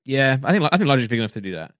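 This podcast co-host speaks fast and very animated, rambling through casual chat with plenty of "likes," fillers, and restarts. His voice sits in the mid-range with a fairly bright tone. The recording is clean studio sound with no room echo.

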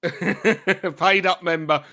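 A man hosting a casual football podcast, talking in an excitable, gushing way with halting restarts. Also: sits high. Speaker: podcast host.

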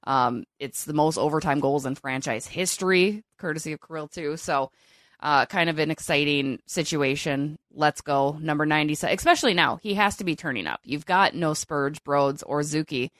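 A woman's voice: deep voice, moderate pace, fairly bright tone, no echo, studio quality. A woman co-hosting a sports podcast, chatty and upbeat. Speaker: co-host. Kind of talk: casual sports podcast chat.

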